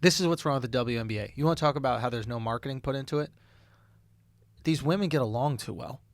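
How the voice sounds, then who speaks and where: A man's voice: mid-range voice, fast talker, no echo. A man hosting a podcast, making his point in an emphatic, profane rant on a studio mic. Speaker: podcast host. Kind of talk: casual podcast chat.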